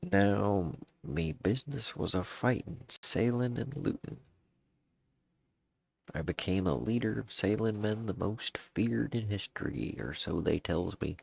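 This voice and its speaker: A man voicing a boastful old male pirate captain in a put-on Southern drawl, reading a journal aloud with gruff, drawn-out delivery. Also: on the low side, lively intonation, a little mellow, no room sound, exaggerated voice. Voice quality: gravelly, drawn-out pirate speech. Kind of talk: dramatic reading of an in-game journal.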